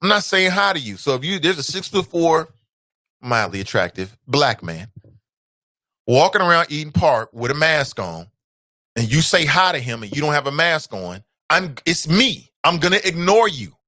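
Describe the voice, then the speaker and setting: A man hosts his own show in a loose, conversational monologue, full of asides and filler. He keeps spiking into loud, high outbursts when something annoys him. His voice is bright and forceful, and the recording is dry and close. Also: big pitch swings, moderate pace, dry recording. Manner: emphatic, ranting, jumps into loud high outbursts. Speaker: talk show host. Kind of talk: casual talk-show monologue.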